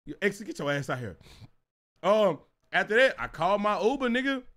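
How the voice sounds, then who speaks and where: Young Texan man, high, bright, animated storyteller who laughs through his story. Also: a little fast. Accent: Houston, Texas. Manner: animated, laughing, drops into a deep voice to quote others. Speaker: streamer. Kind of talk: casual storytelling.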